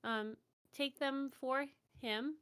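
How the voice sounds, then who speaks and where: A woman playing a tabletop game in character, speaking gently. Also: sits high, steady tone, slow pace, smooth. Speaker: player. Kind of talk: casual tabletop role-play.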